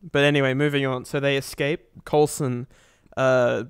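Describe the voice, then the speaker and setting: Smooth-voiced man in casual movie chat. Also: mid-range voice, level tone, moderate pace, dry recording, clean studio sound. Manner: enthusiastic, swears casually, laughs often. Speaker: podcast co-host.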